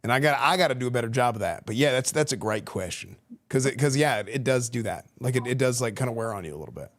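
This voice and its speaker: A relaxed man with a Texan accent and a voice of ordinary middle pitch. He talks loosely and slangily, restarting sentences and filling pauses as he answers questions. He is heard through a good streaming microphone. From Texas. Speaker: streamer speaking to a school class. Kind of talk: casual chat answering students' questions.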